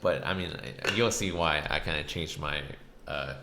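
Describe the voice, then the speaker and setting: This podcast host's voice is extremely low yet bright and forceful, moving at a moderate pace. Telling a casual story in an echoey room with faint noise, he wanders, curses, and fills gaps with lots of filler words.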